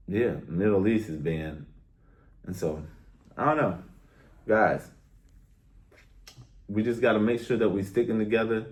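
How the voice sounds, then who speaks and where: A man's voice: sits low, a little mellow. Blunt, exasperated man ranting casually. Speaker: vlogger. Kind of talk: casual rant to camera.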